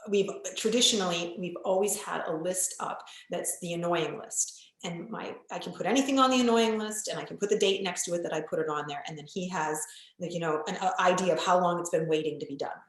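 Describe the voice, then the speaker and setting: A woman's voice: on the low side, fairly quick. Blunt coach woman in an echoey room. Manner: blunt, emphatic, occasional swearing. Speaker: relationship coach guest. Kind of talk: candid podcast conversation.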